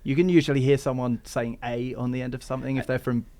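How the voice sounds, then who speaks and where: A man's voice: mid-range voice, flat delivery, quick pace, dark tone. A man from England with an English accent tinged by Australian, talking easily as a podcast guest about hiking and travel. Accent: English with some Australian. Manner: rambling, easygoing storytelling. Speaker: guest, thru-hiker. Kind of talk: casual interview chat.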